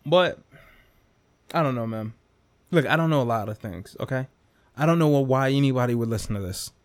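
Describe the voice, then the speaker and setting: A young man hosting a podcast, ranting casually with lots of swearing, repetition and quick asides. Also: mid-range voice, no room sound. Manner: animated, profane, repetitive, swings into mock whispers and impressions. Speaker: podcast host. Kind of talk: casual rant monologue.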